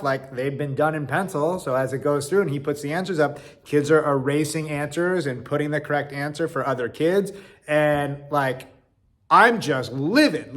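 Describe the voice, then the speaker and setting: A man telling a personal story in an animated way, swinging from loud to quiet. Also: on the high side.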